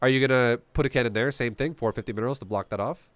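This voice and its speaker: A man's voice: medium pitch, very fast, dry recording. A man giving casual, profane gameplay commentary, blunt and joking as he explains strategy. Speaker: game commentator.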